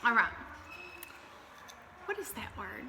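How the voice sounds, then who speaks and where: A kindergarten teacher with a slightly high voice leads the class slowly through spelling and sight words, stretching each letter out and praising the children as she goes. Steady background noise hums under the recording. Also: vocal fry. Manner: slow and drawn out when spelling, encouraging. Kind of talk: slow, clear classroom lesson.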